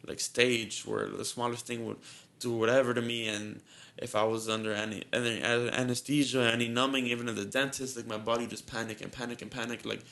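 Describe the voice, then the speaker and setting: A man's voice: medium pitch, flat delivery, brisk, gravelly, few pauses, fairly bright tone. A young man on a podcast telling a story in casual chat, rambling and repeating himself with a lot of "like", sounding shaky and nervous. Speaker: podcast co-host.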